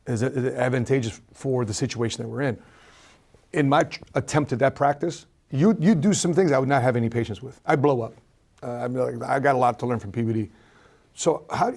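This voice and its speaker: A man's voice: medium pitch, darkish tone. A man hosting a podcast, asking long questions with many restarts and repeated words. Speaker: podcast host. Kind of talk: casual interview questioning.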